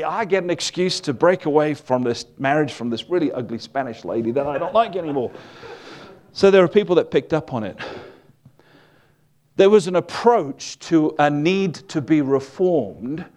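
A man preaching a sermon, his voice sitting a little above the usual male pitch. He talks to the congregation in a loose, conversational way, telling homely stories with a humorous edge.

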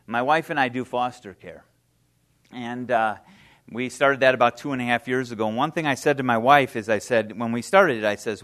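A man's voice: medium pitch, brisk, a bit bright. Earnest middle-aged man giving testimony. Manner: earnest, heartfelt storytelling, emotional; plain conversational phrasing with fillers. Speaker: guest speaker. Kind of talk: personal testimony speech.

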